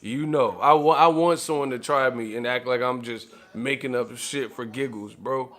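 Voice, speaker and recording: A man hosting a boxing channel and telling a story in casual, profane, animated talk with frequent laughter. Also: mid-range voice, normal speed.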